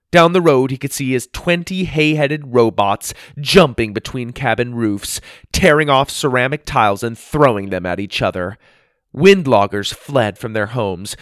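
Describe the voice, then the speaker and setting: A man narrating a children's storybook in an expressive, playful reading. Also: mid-range voice, dry recording, studio quality.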